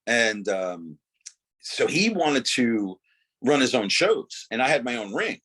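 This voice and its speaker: A middle-aged man with a husky, slightly breathy voice speaks as a guest in a relaxed interview. He talks in a loose, laid-back way, saying "dude" and "you know" often. His pitch sits in an ordinary middle range for a man. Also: slow. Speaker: guest, former wrestler. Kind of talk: casual interview conversation.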